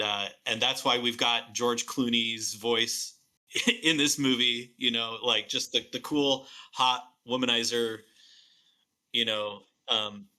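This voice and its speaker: A man's voice: medium pitch, bright, forceful tone. A man co-hosting a film podcast, telling a behind-the-scenes story in a loose, rambling way with many fillers. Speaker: podcast co-host. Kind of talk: casual film podcast chat.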